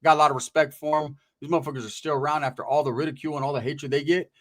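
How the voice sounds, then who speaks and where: A man's voice: fairly high pitch, fairly even intonation, rapid-fire, a bit bright. A man casually telling prison stories in profane, streetwise slang, acting out the voices of people he quotes. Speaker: guest recounting prison stories. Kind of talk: casual storytelling.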